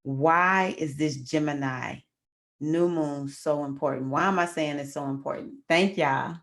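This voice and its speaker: Low, gravelly-voiced woman telling a story. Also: a little slow. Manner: chatty, addresses viewers as y'all. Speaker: astrology livestream host. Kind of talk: casual storytelling livestream.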